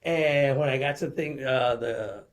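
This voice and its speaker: A man's voice: mid-range voice, unhurried. A man in his forties, a guest telling a long story in casual chat, rambling with constant swearing and "dude".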